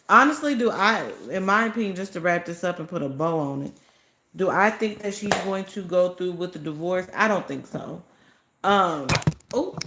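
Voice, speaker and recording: A woman's voice: lowish voice, fairly bright tone. Chatty woman host in a roomy echo. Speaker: commentary host. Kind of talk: casual commentary.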